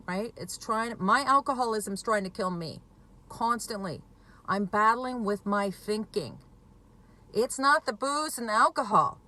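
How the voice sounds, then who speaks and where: A woman's voice: fairly high pitch, sharp tone. A woman in recovery from alcoholism talking bluntly and emphatically to camera, swearing freely. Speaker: recovering alcoholic speaking on addiction. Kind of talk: direct-to-camera talk.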